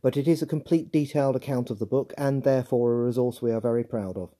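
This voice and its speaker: A man hosting a podcast, reading a scripted analysis in a measured, articulate way. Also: mid-range voice, steady tone, dark tone. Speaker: podcast host. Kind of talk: scripted book analysis narration.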